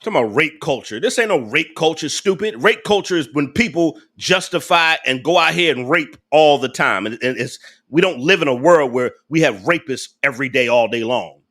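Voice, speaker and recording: Bright-voiced, angry, preachy man. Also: medium pitch. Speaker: host of a live reaction channel. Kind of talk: live reaction rant.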